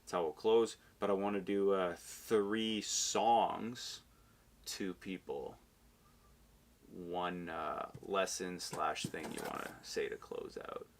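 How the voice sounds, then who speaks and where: A man with a very low, gravelly voice hosts a podcast interview. He talks in a laid-back, agreeable way, filling pauses with "um" and "uh", and there is a faint hiss behind him. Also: steady tone. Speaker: podcast host. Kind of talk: casual interview.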